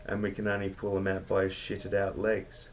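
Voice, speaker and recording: A man's voice: low-pitched, monotone, normal speed, slight background noise, natural voice. A man voicing a cheeky pub worker who tells stories as a joke. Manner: cheeky storytelling banter. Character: cheeky male Aussie pub worker, joker.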